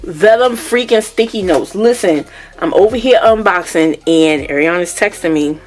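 A woman's voice: fairly low pitch, moderate pace, faint music behind. A woman vlogger unboxing products, gushing and exclaiming as she chats casually to her viewers at home. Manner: gushing, exclamatory, keeps addressing viewers as y'all.

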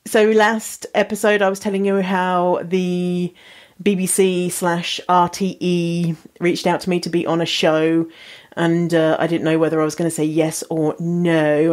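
A woman podcast host getting over a cold, her voice slightly husky, chatting frankly and laughing often. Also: on the low side, a little mellow. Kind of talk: casual podcast chat.

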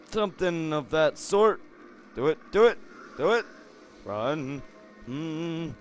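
A young man narrates a game slowly and goofily in a fairly high voice. He rambles, mutters, then breaks into squeaky shouts, with a faint hiss behind him. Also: very animated. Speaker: game commentator. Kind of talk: goofy gameplay commentary.

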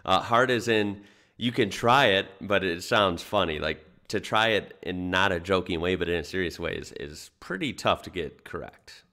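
A young man from the United States talks over a clip he is reacting to. His voice sits very low. His delivery is relaxed and rambling, with fillers and the odd chuckle. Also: normal speed. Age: young adult. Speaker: reaction video host. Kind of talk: casual reaction commentary.

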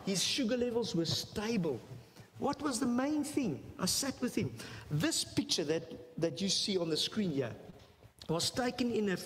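A man giving a church health talk, telling a story animatedly, repeating phrases for emphasis and acting out the dialogue. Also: sits high. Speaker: health seminar speaker. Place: church hall. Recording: long hall reverb, faint noise.

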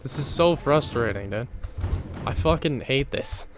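A man's voice: medium pitch, expressive, measured pace, over music. A man doing gameplay commentary, swearing and getting frustrated at the game. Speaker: let's play gamer.

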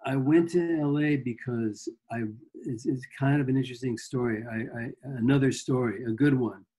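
A man's voice: mid-range voice, normal speed, dark tone, slightly rough. A man guest on an interview, telling rambling anecdotes about his music career and acting out quotes. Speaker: guest guitarist. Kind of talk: casual storytelling interview.

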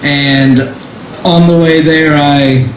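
A man's voice: fairly high pitch, fairly even intonation, slow. A young man doing stand-up at an open mic, telling a story in a rambling, self-deprecating way with lots of fillers and restarts. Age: young adult. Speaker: stand-up comedian. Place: small cafe comedy room. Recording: echoey room with faint noise. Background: audience laughter.

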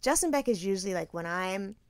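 A woman in her thirties hosting a podcast, telling a story with animated, profane energy. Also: medium pitch, brisk, dry recording, clean studio sound. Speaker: podcast host. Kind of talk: casual storytelling chat.

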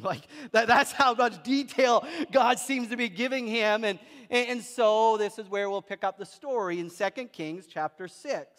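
A man's voice: high-pitched, normal speed, hardly any pauses, fairly bright tone. A man preaching a sermon as a pastor, telling a story with frequent repetitions and restarts. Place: church hall. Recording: reverberant church hall.

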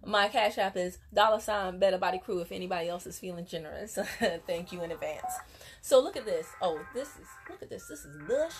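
A woman network marketing coach giving an emphatic, preachy motivational talk while unboxing on a casual vlog, recorded on a phone at home. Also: fairly high pitch. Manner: emphatic, preachy, motivational, addresses viewers as y'all. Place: room at home.

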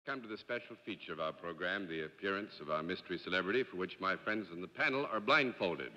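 A genial man hosts a 1950s TV panel game, his bright, lively voice full of chuckles and polite formality. A long studio hall reverb trails each phrase over a faint hiss. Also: low voice, fast talker, lo-fi sound. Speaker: game show host. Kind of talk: 1950s live TV game show hosting.

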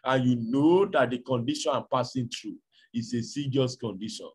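A man voicing a patient, loving husband who gently pleads with his wife. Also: a little high, animated, a little slow, breathy edge, pitched above the performer's own voice. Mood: tender pleading. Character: patient loving poor husband, soft-spoken.

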